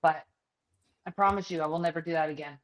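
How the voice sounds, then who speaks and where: A woman's voice: sits low, fast talker. A woman co-hosting a podcast, casually telling a story with lots of swearing and acting out other people's lines. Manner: profane, animated storyteller who acts out others' lines. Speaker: podcast co-host. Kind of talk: casual chat, personal storytelling.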